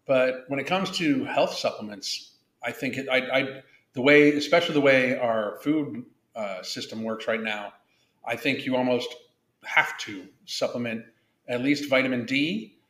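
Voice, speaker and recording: A man's voice: medium pitch, measured pace, fairly bright tone, reverberant. A man hosting a casual podcast, blunt and profane, rambling with frequent restarts. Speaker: podcast host.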